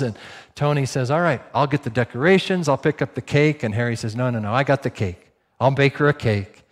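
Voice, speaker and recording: A man preaching a sermon, telling a story and acting out the dialogue in animated bursts. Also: on the high side, in a large hall. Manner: animated, acts out dialogue with rising volume. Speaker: pastor.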